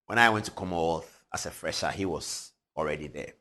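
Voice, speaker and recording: A man in his forties with a Ghanaian English accent, hosting a TV show, telling stories with animated energy and frequent chuckles. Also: low voice, brisk. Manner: animated, chuckling, swings from loud to hushed. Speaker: TV show host. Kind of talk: lively commentary and storytelling. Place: TV studio.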